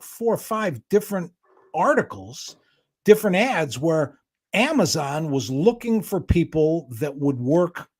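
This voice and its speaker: A man bantering on a talk show with a high voice that swoops up and down. He jokes easily and backs up his co-talker. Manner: joking, sympathetic banter. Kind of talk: casual radio-style chat.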